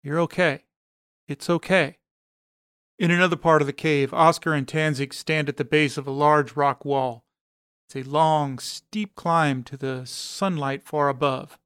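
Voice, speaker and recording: A man narrates an action story with a smooth, clear voice pitched a little high. His delivery is steady and even, and the recording is dry and close, with no room around it. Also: unhurried, no echo.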